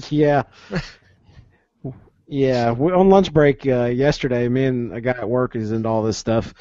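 Lo-fi animated American East Coast man. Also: mid-range voice, unhurried, no room sound. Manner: animated storyteller, acts out quotes. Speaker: podcast co-host. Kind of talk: casual chat. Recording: dull, lo-fi dry sound.

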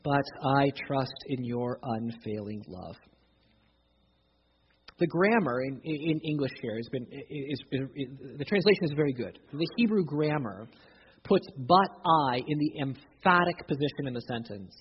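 A man's voice: on the high side, animated, moderate pace, a little hiss or hum. A man preaching a sermon, emphatic, often restarting his phrases. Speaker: pastor. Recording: dull recording, long hall reverb.

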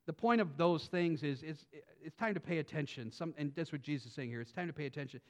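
A man's voice: on the high side, quick pace. A man, a pastor preaching a sermon, reading scripture and talking earnestly with asides to the congregation.

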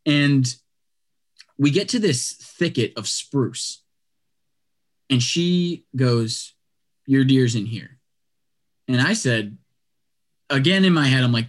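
A man telling a long story in casual chat, animated and acting out what people said, with lots of "like" and quick restarts. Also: medium pitch. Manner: animated, acts out quotes, lots of "like".

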